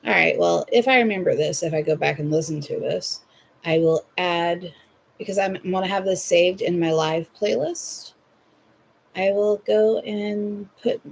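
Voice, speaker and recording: A woman's voice: fairly low pitch, creaky, slight background noise. Chatty Southern woman crocheting live. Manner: chatty and playful, addresses viewers directly. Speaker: livestream host. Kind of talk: casual chat while crocheting.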